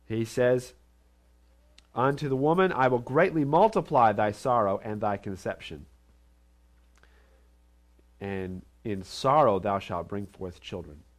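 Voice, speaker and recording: A male pastor preaching a sermon, reading scripture aloud and then explaining it, with emphatic rises and soft asides. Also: medium pitch. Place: church.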